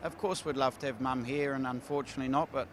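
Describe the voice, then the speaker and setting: A man's voice: medium pitch, steady tone, fast talker, a little hiss or hum. A man, a racehorse trainer talking candidly after a big win, with lots of fillers and restarts. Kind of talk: casual post-race interview. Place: outdoors at a racecourse.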